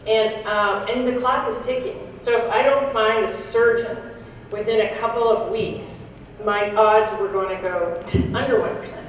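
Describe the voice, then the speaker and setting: A woman's voice: a little high, steady tone, unhurried, slight background noise. A woman giving a frank, reflective talk to a conference audience, with small restarts as she goes. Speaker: conference speaker. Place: large conference hall. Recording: echoey hall, picked up from a distance.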